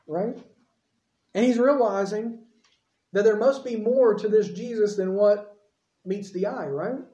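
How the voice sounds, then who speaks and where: A man's voice: high voice, a little slow, pauses often, warm tone. A man preaching a sermon in a conversational way, often putting questions to his listeners. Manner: conversational, asks the audience questions. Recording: roomy echo.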